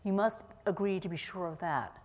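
A woman's voice: on the low side, normal speed, darkish tone, close to an everyday voice. A woman reading the lines of an idealistic young woman scientist in an earnest way.

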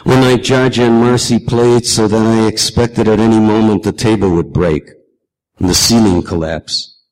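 Guy reading a story aloud, low voice, calm and measured. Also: in a large hall, low-quality recording. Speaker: reader. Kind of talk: reading literary fiction aloud.

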